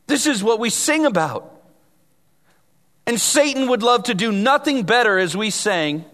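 A man preaching a sermon as pastor, earnest and emphatic, dropping at times to a hushed tone. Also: very high-pitched, expressive, measured pace, long reverb tail.

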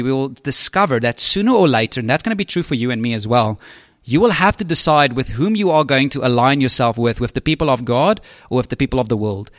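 A man's voice: fairly high pitch, fairly bright tone, no room sound, studio quality. A man preaching as a pastor, talking conversationally and often checking in with the congregation. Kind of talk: sermon.

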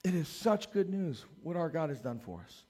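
Animated pastor telling stories. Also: male voice, fairly high pitch, normal speed, breathy edge. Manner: animated, acts out quoted voices in his stories. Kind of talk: sermon with storytelling.

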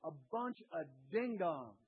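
Husky-voiced pastor preaching, phone-like sound. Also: male voice, high-pitched, unhurried. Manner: animated, acts out voices of people in the story. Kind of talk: sermon.

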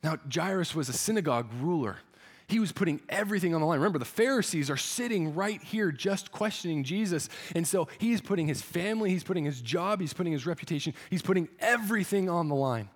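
A male preacher retells a story in an earnest sermon. He restarts his phrases often, and his voice is a little high for a man. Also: animated, fast. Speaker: pastor.

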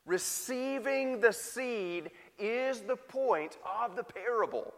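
A man's voice: very high-pitched, animated, takes it slowly, few pauses, long reverb tail. A man preaching a sermon and putting rhetorical questions to his congregation. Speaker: pastor.

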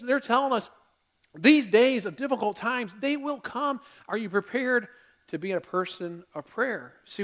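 A man's voice: very high-pitched, a bit bright. A man preaching a conversational sermon to his congregation as pastor, often acting out the inner voices of his listeners.

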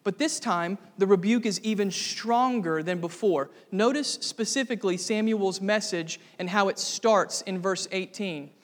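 A man's voice: high-pitched, a little slow, few pauses, big-room sound. A man preaching a sermon to a congregation, earnest and building to fervent emphasis. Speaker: pastor.

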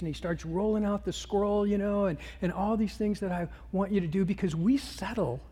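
A man, a pastor preaching a sermon in a lively storytelling manner, acting out the scene. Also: high voice, moderate pace, hardly any pauses, big-room sound.

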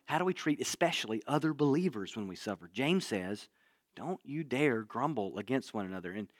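A man preaching a sermon, earnest, with a fairly high voice. He repeats key phrases and sinks his voice low and quiet for emphasis. The sound is dry and close, with no room echo. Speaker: pastor.

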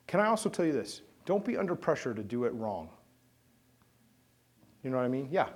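A man's voice: medium pitch, big pitch swings, fairly quick, darkish tone, slightly rough. A man preaching a sermon and leading a closing prayer, talking to the congregation and asking them questions. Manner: conversational, asks the congregation questions. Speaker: pastor.

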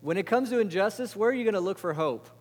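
A man preaching a sermon, asking the congregation questions and answering them himself, moving between emphatic lines and quiet, intimate ones. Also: high-pitched, animated, quick pace. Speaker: pastor. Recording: long reverb of a large hall.

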